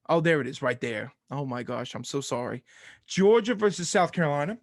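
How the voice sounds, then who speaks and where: Man, sports podcast co-host, animated ranting, high-ish voice, dry sound. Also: brisk, no echo. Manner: animated ranting, laughs often. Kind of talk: casual sports podcast chat.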